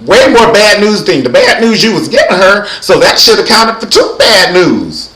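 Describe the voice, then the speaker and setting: A man's voice: high voice, very animated, normal speed, bright, forceful tone, roomy sound, voice pushed up, full character voice, poor audio. A man voicing a fussy female TV producer who argues insistently in a wordy way. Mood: arguing.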